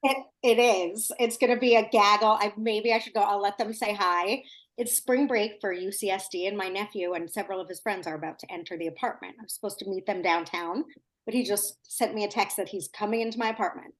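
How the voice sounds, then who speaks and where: A woman's voice: medium pitch, brisk. A woman co-hosting a casual TV recap chat, talking in a chatty, upbeat way. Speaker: co-host.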